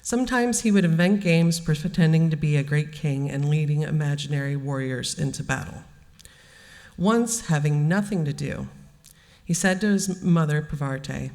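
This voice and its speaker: A woman's voice: low voice, lively intonation, moderate pace, a little mellow. Woman reading a children's story aloud. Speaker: religious education director. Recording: long hall reverb.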